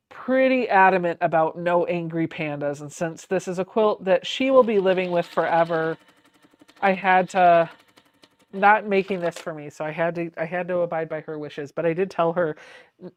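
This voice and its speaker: A woman hosts a quilting livestream, chatting casually while she sews, reading viewer comments aloud, answering them, and laughing often. Her voice is fairly low and moderately paced, with no room sound.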